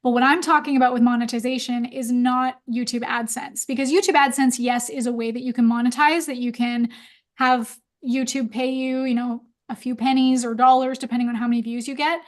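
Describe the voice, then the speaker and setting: High-pitched woman running a live webinar q&a, chatty and upbeat. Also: steady tone, brisk. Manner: chatty, upbeat, quotes clients in voices. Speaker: webinar host.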